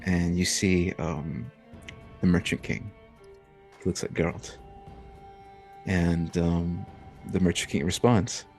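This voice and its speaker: Low-voiced guy running a tabletop game, rambly, lots of ums, faint music. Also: steady tone, takes it slowly, long pauses, a little mellow. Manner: loose and rambling, with many fillers. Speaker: game master.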